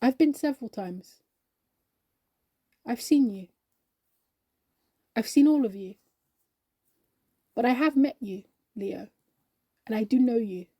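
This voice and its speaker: A woman voicing a calm, mysterious male stranger in a storybook reading, speaking gravely and deliberately. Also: on the high side, no room sound, studio quality, exaggerated voice. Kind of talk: storybook character voice.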